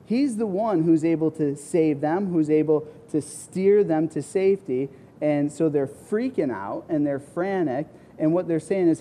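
A middle-aged man, a pastor, preaching a sermon and acting out the people he quotes with sudden high, loud bursts. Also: unhurried, few pauses. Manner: acts out quoted voices with big pitch swings.

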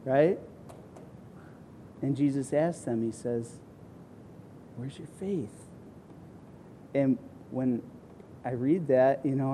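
A middle-aged man, a pastor, preaching a sermon and acting out the people he quotes with sudden high, loud bursts. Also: a little hiss or hum. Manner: acts out quoted voices with big pitch swings.

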